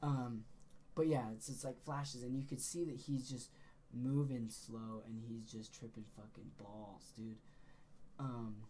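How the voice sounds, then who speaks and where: A young man co-hosting a podcast, telling a story in a casual, animated way and swearing freely. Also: medium pitch, unhurried, slight background noise. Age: young adult. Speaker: podcast co-host.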